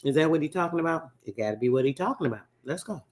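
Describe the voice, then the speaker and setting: Excitable man reacting to a recording. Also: fairly high pitch, racing, a little hiss or hum. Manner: excitable, thinks aloud, many restarts and asides. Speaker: radio show host. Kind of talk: casual reaction commentary.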